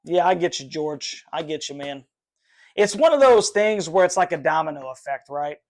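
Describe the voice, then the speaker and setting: A man's voice: on the high side, expressive, normal speed. A man from North Carolina hosting a live sports reaction stream from his room, rambling with many fillers and sounding frustrated with his team. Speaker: fan livestream host.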